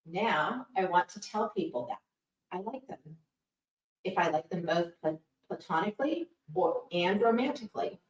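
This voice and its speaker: A woman's voice: lowish voice, expressive, moderate pace. A woman calling into a live show with a question, speaking earnestly and a little hesitantly. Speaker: caller asking a question. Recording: roomy, distant sound.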